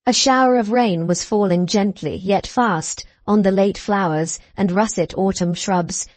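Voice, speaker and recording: A woman narrating a classic novel as an audiobook, in an even, unhurried storytelling manner. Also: mid-range voice, no echo. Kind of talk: scripted narration.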